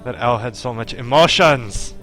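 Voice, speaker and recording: A man's voice: medium pitch, moderate pace, over music. A man giving casual let's-play commentary, with joking, incredulous remarks. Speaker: game player commentator.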